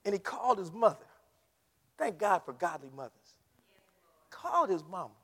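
A man preaching a sermon, swinging from hushed storytelling to shouted climaxes. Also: sits high, sing-song, normal speed. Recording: long reverb of a large hall.

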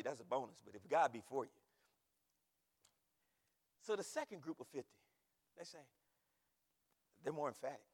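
A man preaching a sermon from the pulpit, repeating words emphatically and rising to shouts. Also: sits high, big-room sound. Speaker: pastor. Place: church sanctuary.

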